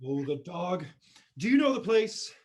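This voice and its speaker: A woman acting a gruff, blustering old baronet in a live online play. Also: lowish voice, big pitch swings, a little mellow. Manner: slow, barking gruff commands.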